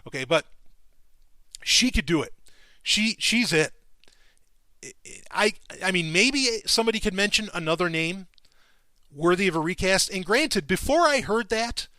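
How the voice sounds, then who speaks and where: Excitable, swearing male podcast host. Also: high voice, unhurried, pauses often, no echo. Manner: excitable and profane, voice jumping up when enthused. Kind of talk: casual podcast monologue.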